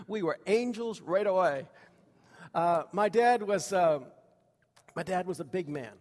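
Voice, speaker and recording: A man's voice: high voice, lively intonation, measured pace, in a large hall. A man preaching a sermon to a congregation, telling childhood stories in a folksy way with many fillers and questions to the room. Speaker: pastor.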